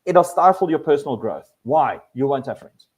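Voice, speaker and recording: A man presenting a live workshop in an animated way, often repeating words as he restarts his sentences. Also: mid-range voice, moderate pace, breathy edge. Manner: animated, acts out quoted people with voice changes.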